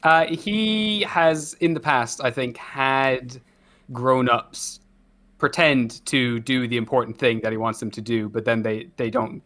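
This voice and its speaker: A man's voice: mid-range voice, steady tone, measured pace, pushed and bright. A man taking part as a player in a tabletop game, explaining his character's moves in a casual, hesitant way. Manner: casual, hesitant, laughing between lines. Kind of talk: tabletop role-play, playing a character.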